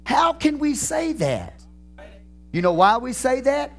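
Impassioned pastor with a lively, swinging pitch. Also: male voice, soft background music. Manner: impassioned preaching that swings between shouted peaks and slow drawn-out phrases. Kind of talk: sermon. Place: church.

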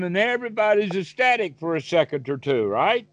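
A man's voice: high voice, sing-song, a little fast, no echo, muffled recording. A man teaching meditation over a call, asking his listener questions and giving vivid everyday examples. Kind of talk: Dhamma talk on a call.

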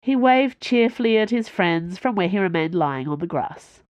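A woman reading a story aloud in an even, measured narration. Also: medium pitch, no room sound, muffled recording. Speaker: audiobook narrator. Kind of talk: scripted narration.

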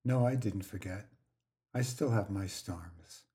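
A man voicing a calm, patient woman friend who speaks softly but firmly. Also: lowish voice, slow pace. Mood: gentle, firm. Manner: soft but firm.

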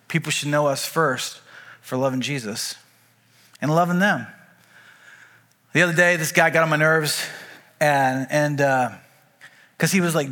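Bright-voiced man preaching in a hall. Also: a little high. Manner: conversational storytelling with quick asides. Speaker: pastor. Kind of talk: sermon. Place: church auditorium.

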